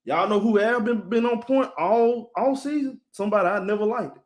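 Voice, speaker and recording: Animated man hosting a sports live stream. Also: sits high, normal speed. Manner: animated, talks straight to chat viewers, shouting them out.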